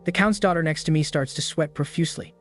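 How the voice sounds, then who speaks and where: A man narrating a fantasy story in first person, in a steady scripted recap style. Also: a little high, fast talker. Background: background music.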